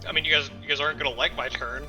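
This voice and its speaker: A man chatting casually as a player in a tabletop game. His voice is very bright and sharp, and his talk is loose and prone to swearing. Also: fairly high pitch, fairly even intonation, racing, faint music behind. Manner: loose, swears freely, laughs at himself.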